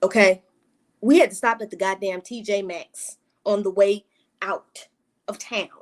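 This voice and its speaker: A woman vlogger telling a casual storytime, profane and exasperated, with slangy asides and quick greetings to her viewers. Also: mid-range voice, fairly even intonation.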